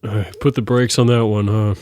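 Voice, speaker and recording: A man's voice: lowish voice, level tone, normal speed, darkish tone. A man co-hosting a podcast, chatting casually in a laid-back, offhand way. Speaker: podcast co-host. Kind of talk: casual chat.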